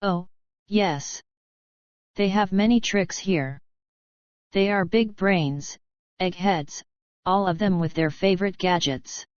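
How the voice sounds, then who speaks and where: A woman's voice: on the low side, slow pace, pauses often, no room sound, muffled recording. A woman reading the part of Kurt, a scornful young foreign man who whispers urgent warnings, in an audiobook.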